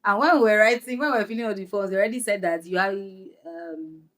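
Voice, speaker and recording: Nigerian lady on a podcast, animated storyteller, drops pidgin bits, mid-pitched voice. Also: brisk. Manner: lively storytelling with Pidgin phrases and laughter. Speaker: guest actress. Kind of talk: podcast interview.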